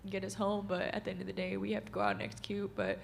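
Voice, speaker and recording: A young woman, a college basketball player, answering press questions in an earnest, measured way. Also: mid-range voice, sing-song, vocal fry, slight background noise. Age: young adult. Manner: earnest, measured, defends her father. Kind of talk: postgame press conference answers.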